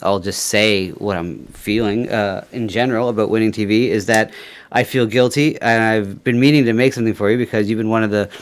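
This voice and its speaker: A man's voice: fairly low pitch, steady tone, brisk, few pauses. A man hosting a casual livestream, rambling with many fillers and little chuckles. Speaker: livestream host. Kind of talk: casual chat.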